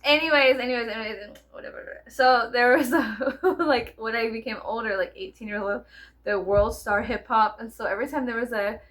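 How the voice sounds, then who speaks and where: Bright giggly rambling woman. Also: on the high side, moderate pace. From South Texas. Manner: rambling, giggly, profane, full of fillers and silly quoted voices. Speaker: vlogger. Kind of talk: casual chat to camera.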